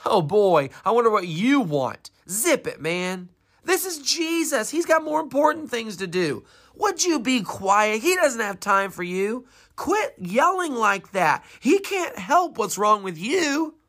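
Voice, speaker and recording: A preacher voicing scornful men in a crowd who shout down a beggar, jeering and yelling in a raised, high pitch. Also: big pitch swings, unhurried.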